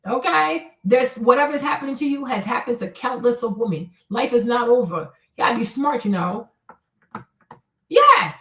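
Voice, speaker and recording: A woman's voice: high-pitched, pushed and bright, reverberant, recorded from a distance. A woman hosting a livestream, handing out blunt relationship advice in a brash, profane, mocking way. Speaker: livestream host.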